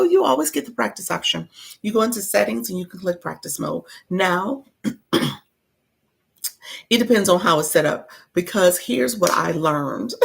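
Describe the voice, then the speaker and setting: A woman's voice: lowish voice, creaky, slightly rough. A woman coaching creators on a casual livestream, chatty and greeting her viewers as friends while reading their comments.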